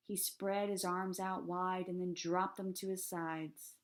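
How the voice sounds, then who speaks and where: A teacher reading a children's chapter book aloud in a calm, steady storytelling voice. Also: female voice, fairly low pitch, a little slow, few pauses.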